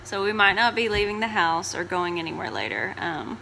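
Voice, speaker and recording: A woman's voice: medium pitch, very animated, fairly quick, gravelly, pushed and bright, a little hiss or hum, low-quality recording. A young woman chatting casually at home for a family vlog, giggling often. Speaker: vlogger mom.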